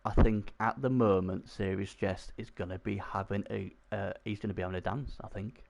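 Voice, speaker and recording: A man commentating live on a video game stream, chatty and excitable, talking to his viewers. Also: on the low side, normal speed, creaky. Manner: chatty, excitable, talks to chat.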